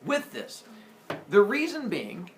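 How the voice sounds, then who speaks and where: A man teaching a class, mixing a lecture with comic storytelling, acting out voices and sound effects in an animated, jokey way. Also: high voice, slow pace, creaky. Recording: roomy echo, mic far off, faint room noise.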